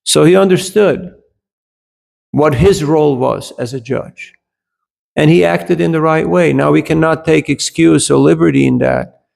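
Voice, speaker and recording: A man with a fairly high, creaky voice and a darkish tone leads a scripture class, swapping stories in a conversational style and frequently checking in with his listeners. Now and then he slips briefly into German.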